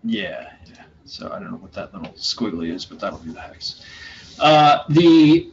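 A man's voice: deep voice, normal speed, creaky, bright, forceful tone. A man running a tabletop game as game master, narrating in a hesitant way with many fillers and restarts. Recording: dull lo-fi sound with faint room noise.

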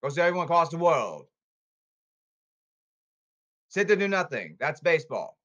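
A man's voice: fairly high pitch, sing-song, moderate pace, a bit bright, muffled recording. A man delivering an angry, repetitive rant to the camera. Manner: repetitive, emphatic, angry outbursts. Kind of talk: ranting monologue.

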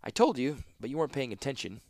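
A man voicing a sardonic, fearless, sharp-tongued woman in an audiobook, his tone wry and cutting. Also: medium pitch, very animated, fast, no echo, voice pushed up. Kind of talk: audiobook character voice.

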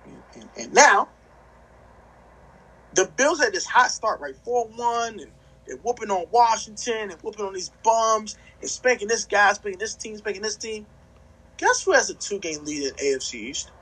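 A man with a high, breathy, husky voice co-hosts a casual sports podcast. He talks trash with lively bluster and keeps stammering on repeated words as he builds his point. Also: normal speed, poor audio. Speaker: podcast co-host.

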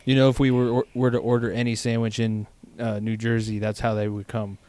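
A man co-hosting a podcast adds short, easygoing remarks. He teases his co-host lightly and speaks in a middle-pitched, relaxed, casual way. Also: brisk, dry recording. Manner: laid-back, chiming in with short teasing remarks. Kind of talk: casual chat.

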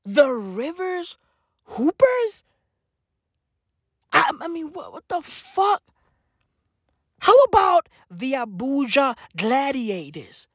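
Lady with a high bouncy voice roasting sports stuff, swears a lot, laughs, slow drawn-out delivery. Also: very animated, dry recording, clean studio sound. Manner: mocking and exasperated, laughs often, repeats phrases. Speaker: sports commentator. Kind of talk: profane comedic sports rant.

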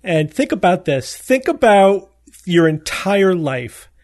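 A man's voice: high voice, very animated, slow, darkish tone. A man hosting a podcast, telling travel stories in casual chat with frequent restarts. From United States. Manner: chatty storytelling with restarts. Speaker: podcast host.

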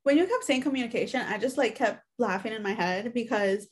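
A woman's voice: on the high side, fairly quick. A young woman co-hosting a casual chat, answering in a reflective, supportive way with "you know" fillers. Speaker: podcast co-host.

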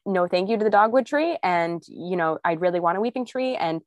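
A young woman co-hosting a podcast, speaking in a soft, hesitant way with frequent pauses in casual chat. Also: on the low side, lively intonation, no echo, clean studio sound. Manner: soft-spoken, hesitant, many ums. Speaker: podcast co-host.

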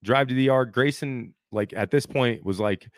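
Recorded with studio quality and no echo, a man in his thirties speaks at a moderate pace in a medium-pitched voice. He's a podcast co-host telling a story casually, acting out what people said and using "dude" a lot.

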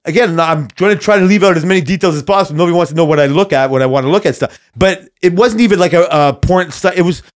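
A man's voice: high voice, fast talker, hardly any pauses. A middle-aged man telling a long, rambling story on a podcast, swearing often and laughing as he goes. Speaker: podcast co-host. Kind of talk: casual chat, storytelling.

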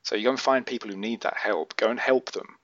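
A man with a low voice hosts a casual podcast chat. He rambles, corrects himself and acts out what others say. The sound is dry, close and muffled. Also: quick pace, a bit bright, no room sound. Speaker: podcast host.

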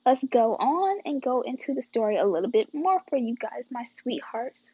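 A woman's voice: on the high side, sing-song, normal speed, hardly any pauses, warm tone, husky, no room sound, dull audio. A teenage girl telling a casual storytime vlog, chatting straight to her viewers and calling them y'all and guys. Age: teens.

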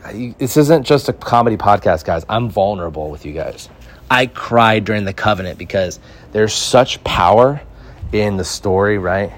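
A man from Mexico hosting a comedy podcast, rambling and joking as he tells stories. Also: lowish voice. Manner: rambling, joking, animated storytelling. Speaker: podcast host. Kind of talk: casual comedy chat.

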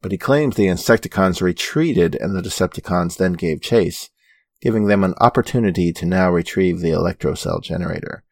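A male podcast co-host recaps plot points in a low, steady voice with a dry sense of humor. His delivery stays even and matter-of-fact. The close mic gives little room sound. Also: fairly quick, gravelly, no echo. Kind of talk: reading episode recap in casual chat.

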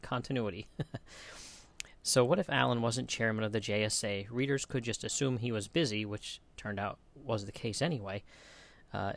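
Man, podcast host, gravelly, somewhat low voice, chuckling, relaxed mailbag reading. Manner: relaxed, chuckles often, frequent um and uh. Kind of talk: casual reading of listener mail.

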